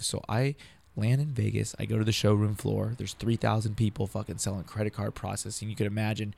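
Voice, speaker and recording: This stand-up comedian, guesting on a podcast, has a fairly low, creaky voice with a touch of mellowness and a flat, fairly quick delivery. His long, meandering anecdote is full of profanity and constant "dude"s.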